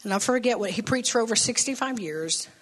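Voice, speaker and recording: Bright-voiced woman preaching in church. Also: a little high, brisk. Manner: animated, conversational storytelling with rising declarations. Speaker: pastor. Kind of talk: sermon. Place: church sanctuary.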